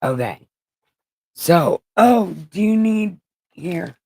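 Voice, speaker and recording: A woman hosting a home livestream, retelling scripture with crude, joking profanity. Her voice is gravelly and her delivery unhurried. The sound is dry and close. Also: on the low side, animated, warm tone, no echo. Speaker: livestream host reading scripture. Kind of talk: casual irreverent scripture reading.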